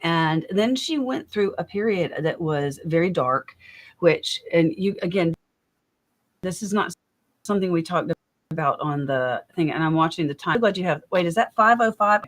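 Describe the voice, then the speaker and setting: A woman's voice: on the low side, animated, normal speed. A middle-aged woman, a guest in a casual interview, telling a long personal story in a rambling, self-interrupting way, often apologizing for talking too much.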